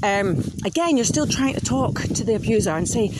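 Woman doing a solo podcast, blunt and frank, swears a lot, middle pitched voice. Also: expressive, brisk, hardly any pauses, heavy background noise. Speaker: podcast host. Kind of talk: casual monologue.

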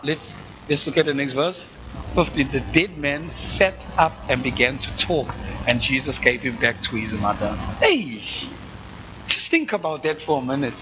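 A man's voice: on the high side, lively intonation, normal speed, lo-fi sound, background noise. A man with a South African accent preaching a conversational sermon to his congregation, often checking that they follow along. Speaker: pastor.

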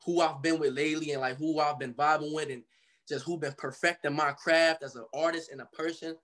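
A young man from Cincinnati tells his story in a loose, slangy way, acting out the voices of the people he quotes. His voice sits a little on the higher side. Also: fairly even intonation, fairly quick, fairly bright tone. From Cincinnati, Ohio. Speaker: guest artist. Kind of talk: casual storytelling interview.

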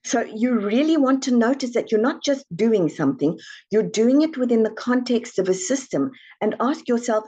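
A woman's voice: on the high side, lively intonation, normal speed, warm tone, breathy edge, lo-fi sound. A woman executive coach talking in an interview, earnest and emphatic, often acting out the inner voices of her clients. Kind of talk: podcast interview.

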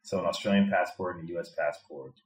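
A man's voice: low voice, fairly even intonation, fast. A man from Chicago, an expat in Thailand, talking through his ideas thoughtfully as an interview guest and often repeating words while he builds a point. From Chicago, USA. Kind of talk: reflective conversational interview. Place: indoor room in Bangkok. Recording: echoey room.

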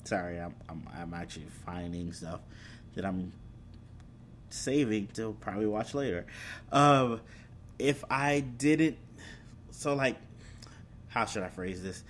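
A man's voice: fairly low pitch, slow pace, long pauses, slight background noise. A man chatting casually about anime and streaming apps, rambling and correcting himself as he goes. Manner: rambling, self-correcting, laughs at own slips. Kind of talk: casual chat.

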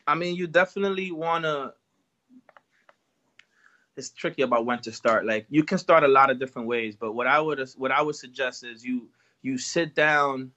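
A man's voice: medium pitch, moderate pace, pushed and bright, muffled recording. A man, a rapper from Washington Heights, talking casually in an interview in a laid-back, slangy way. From Washington Heights, New York. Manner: laid-back, slangy, peppered with "you know what I'm saying". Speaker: rapper guest.

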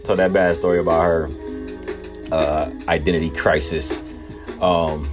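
Low-voiced laughing male podcast host. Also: unhurried, over music. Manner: laughs often, animated storytelling, acts out quotes in high voices. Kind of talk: casual storytelling.

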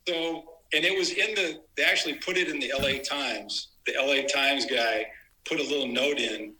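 A middle-aged man with a very bright, sharp voice recounts old stories as an interview guest. He talks casually and animatedly, slipping into the voices of the people he quotes and restarting his sentences often. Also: mid-range voice, normal speed, a little hiss or hum, poor audio. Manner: animated storyteller acting out quotes, lots of restarts. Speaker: guest, former basketball writer.

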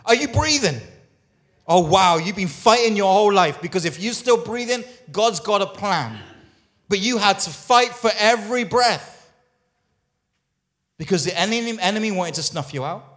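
Pastor guy preaching, kinda high voice, punchy and repetitive, keeps asking the room stuff. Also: lively intonation, moderate pace, fairly bright tone. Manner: emphatic, repeats phrases and asks the crowd questions. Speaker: lead pastor. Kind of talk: sermon. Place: church.

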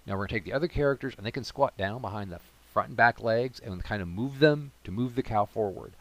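A man casually telling a funny story about his tabletop game character, animated, with comic asides. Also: on the low side, quick pace.

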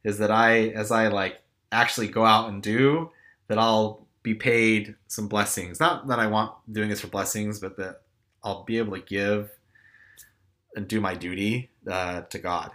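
Young guy podcasting, kinda low but bright voice, rambly and self-deprecating. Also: steady tone, unhurried. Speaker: podcast host. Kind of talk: casual personal reflection.

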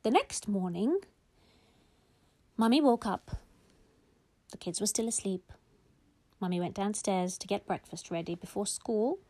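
A woman reading a children's bedtime story aloud, slow and gentle, putting on small voices for the characters. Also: mid-range voice, no room sound.

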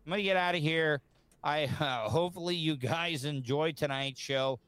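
A man's voice: fairly high pitch, moderate pace, fairly bright tone, smooth, no echo. A podcast host apologizing hesitantly to his listeners as he signs off his show. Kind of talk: clip of a podcast sign-off.

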